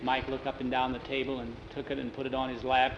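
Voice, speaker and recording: A man's voice: medium pitch, monotone, fast, reverberant. A man telling a story in a homespun, meandering way. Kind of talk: oral storytelling. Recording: dull lo-fi recording with faint noise.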